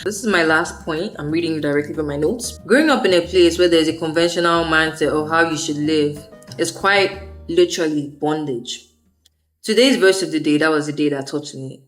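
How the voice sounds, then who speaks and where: A woman's voice: deep voice, moderate pace, faint music behind. Chatty young woman vlogging about faith. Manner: chatty, rambling, slangy. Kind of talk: casual faith vlog monologue.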